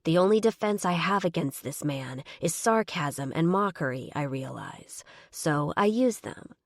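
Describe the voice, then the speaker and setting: A woman narrates a first-person audiobook in a measured, wry, expressive manner. Her voice sits slightly low, and the recording is dry and close, with no room sound.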